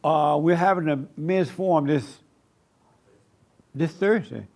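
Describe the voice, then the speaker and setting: Gravelly man preaching with emphatic repetition. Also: a little high, takes it slowly, darkish tone. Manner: emphatic, repeats short commands. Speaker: pastor. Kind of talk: sermon to a small congregation. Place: church meeting room.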